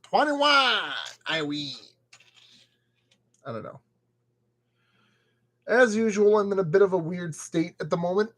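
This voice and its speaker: A man's voice: sits high, normal speed, pauses often. A man building a model kit and commenting casually as he works, playfully talking to the parts. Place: at a work table.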